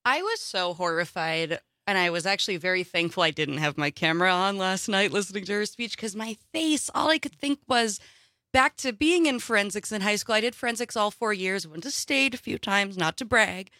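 A woman co-hosting a radio talk show in casual, animated chat. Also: medium pitch, a little fast, no echo, clean studio sound. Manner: animated, chatty. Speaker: co-host.

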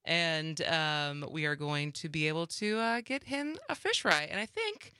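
A woman's voice: low-pitched, lively intonation, a little slow, sharp tone, clean tone, no echo, studio quality. A young woman co-hosting a casual talk show, chatty with many fillers and frequent laughs. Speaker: radio co-host.

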